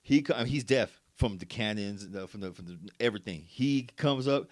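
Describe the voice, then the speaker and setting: A man co-hosting a casual podcast, telling profane stories and bursting into loud, yelling impressions. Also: on the low side, a little fast, few pauses. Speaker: podcast co-host. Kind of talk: casual storytelling chat.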